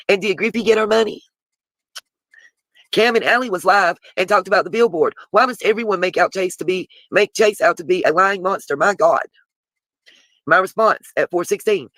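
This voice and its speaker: A woman hosting a live stream, blunt and quick to swear, chatting straight back to her viewers between text messages she reads aloud. Her voice sits close and dry on a desk mic with no room sound. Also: mid-range voice, a bit bright, dry recording, low-quality recording.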